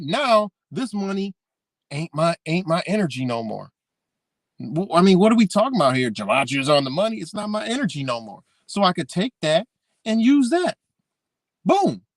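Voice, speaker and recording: Guy with aave venting on his podcast, cussing a lot, kinda high voice, dry close sound. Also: no room sound. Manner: blunt, heavy swearing, repeats himself. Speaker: podcast host. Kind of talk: casual ranting recap.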